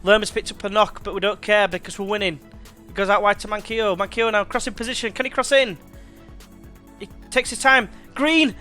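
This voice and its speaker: A man's voice: sits high, fairly even intonation, fast talker, pushed and bright, soft background music. A young man chatting and calling the action while playing a football management game. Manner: chatty, slangy, commentates play-by-play. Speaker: let's play gamer. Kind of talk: casual gameplay commentary.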